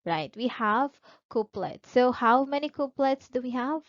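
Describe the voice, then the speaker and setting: A woman's voice: sits high, expressive, dry recording. A woman teaching an online lesson who poses questions to her students and answers them herself, drawing out the words of examples as she reads them. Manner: drawn-out, careful reading of examples. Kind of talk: recorded online lecture. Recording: dull, dry close recording.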